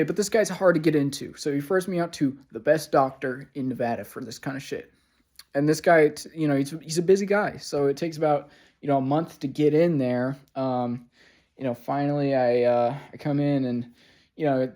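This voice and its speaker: A young man talks straight into a camera in a room at home, rambling through a long, frustrated story. He swears often and leans on fillers. Now and then he breaks into loud, sarcastic outbursts. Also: on the high side. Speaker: vlogger. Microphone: camera mic.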